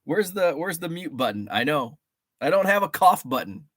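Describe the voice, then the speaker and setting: A man hosting a casual livestream, rambling and animated, greeting viewers from the chat, a bit stuffy from allergies. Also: on the high side, normal speed, no echo, studio quality. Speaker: livestream host. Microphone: studio mic.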